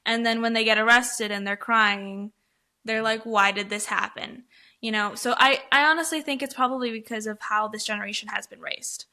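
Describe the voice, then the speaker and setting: A woman's voice: a little high, steady tone, a little fast, bright, forceful tone. A young adult woman guest on a podcast, rambling with enthusiasm. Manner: rambling, many fillers and restarts, enthusiastic. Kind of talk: casual interview chat.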